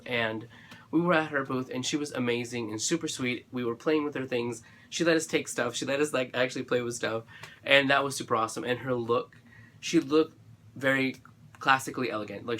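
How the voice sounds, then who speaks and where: Chatty bright-voiced man gushing about crafts. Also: medium pitch, slight background noise. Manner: chatty and gushing, lots of fillers and restarts. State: dry throat. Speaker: craft channel vlogger. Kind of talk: casual chat to camera.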